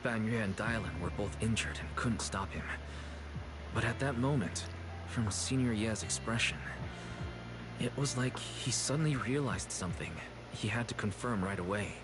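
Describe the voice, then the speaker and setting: An actor playing a calm, caring young companion who explains things patiently. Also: male voice, lowish voice, normal speed, close to an everyday voice, rough recording. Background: game music.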